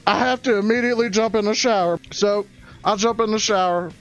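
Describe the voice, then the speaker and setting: A high-pitched man tells a crude comic story and keeps bursting into loud, excitable shouts. The sound is dull and lo-fi, with faint music underneath. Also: brisk. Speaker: comedian telling a story. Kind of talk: stand-up storytelling.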